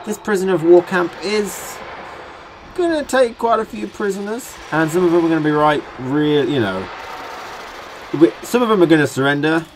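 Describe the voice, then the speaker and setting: A man's voice: fairly high pitch, noisy background. A young British man, a gaming channel host, giving rambling, jokey let's-play commentary while he builds in a game. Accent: British English. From Britain.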